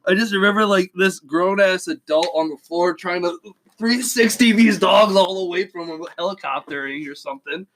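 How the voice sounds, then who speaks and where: Podcast co-host, male, high pitch, lively storyteller who laughs a lot and curses freely. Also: moderate pace, poor audio. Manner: animated storyteller, laughs often, swears. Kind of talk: casual storytelling chat.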